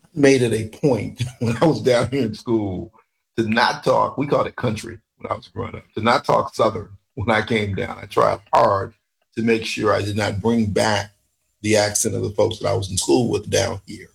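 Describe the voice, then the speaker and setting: A man's voice: lowish voice, fairly even intonation, normal speed, vocal fry, low-quality recording. A man from northern Louisiana co-hosting a morning talk radio show, chatting casually from a studio microphone.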